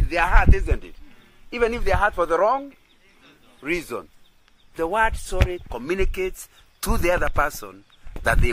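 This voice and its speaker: A man gives a sermon-style talk with a fairly high voice that swings up and down. He keeps asking listeners to agree and often circles back over the same words. Faint noise sits behind him. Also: a bit bright, poor audio. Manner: often checks agreement with "isn't it?"; repeats and restarts phrases. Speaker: Christian teacher.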